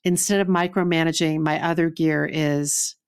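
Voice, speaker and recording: A woman's voice: low voice, steady tone, moderate pace, smooth. A woman co-hosting a podcast, talking candidly and laughing at herself. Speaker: podcast co-host. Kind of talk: casual chat.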